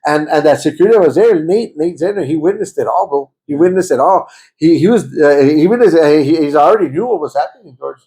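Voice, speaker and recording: Man with a gravelly, fervent voice. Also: on the high side, animated, a little fast. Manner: repeats words and phrases, stammering restarts; grows loud and fervent when reliving prayer. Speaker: guest giving a testimony. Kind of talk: personal testimony in conversation.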